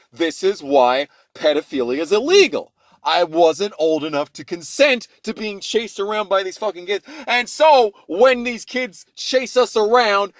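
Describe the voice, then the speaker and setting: A man in his twenties telling childhood stories in a casual, profane, rambling way, swinging between loud rants and low mutters. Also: dry recording. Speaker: channel host. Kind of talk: casual storytime monologue.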